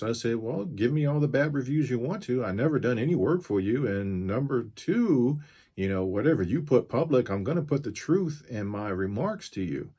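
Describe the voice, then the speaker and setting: A man's voice: medium pitch, lively intonation, moderate pace, dark tone, husky. A mobile mechanic in his fifties tells the story of a pushy customer's phone call to camera, in a firm, blunt and straight-to-the-point way.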